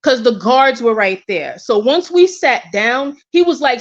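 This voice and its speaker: A woman's voice: sits high, normal speed, few pauses. A woman guest telling a personal story in a casual, candid way, often restarting her sentences. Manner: candid, animated, with frequent restarts. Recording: dull lo-fi audio.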